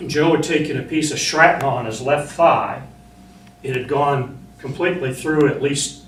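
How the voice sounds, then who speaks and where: Older male ex-Marine, plain storyteller recalling combat; echoey room, distant mic. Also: medium pitch. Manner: plain storytelling, shouting when retelling orders. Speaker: former Marine speaking as a survivor. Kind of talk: personal war testimony to an audience. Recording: roomy, distant mic, faint noise.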